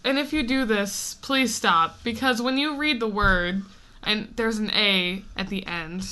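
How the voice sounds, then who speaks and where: A woman's voice: medium pitch, unhurried, pushed and bright, smooth. A woman co-hosting a podcast in casual, giggly chat, playfully ranting. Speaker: podcast co-host.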